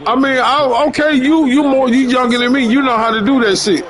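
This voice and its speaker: A man streaming a football video game, loudly trash-talking his online opponent with slang and profanity. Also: very high-pitched, fairly even intonation, fairly quick, a crowd in the background. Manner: loud, boastful trash talk with heavy slang and profanity. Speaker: gamer streamer.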